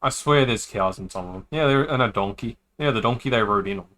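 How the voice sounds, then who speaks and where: With a mid-range voice that's bright and forceful, a man reads a visual novel aloud to his stream, talking fast. He's casual and joking, drifting into asides between the lines.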